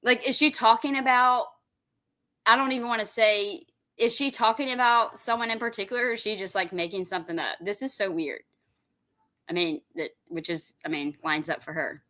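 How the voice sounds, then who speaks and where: A woman's voice: mid-range voice, normal speed, bright, forceful tone. A woman chatting casually on a stream, amused and laughing, cursing now and then. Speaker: streamer reacting. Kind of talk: casual chat.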